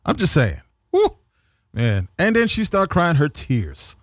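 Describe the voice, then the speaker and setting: A man's voice: a little high, huge pitch swings, a little slow, no room sound, clean studio sound. A man ranting in a mocking comic way, rambling with many fillers and restarts, and slipping into voices for the people he quotes. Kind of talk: comedic political rant.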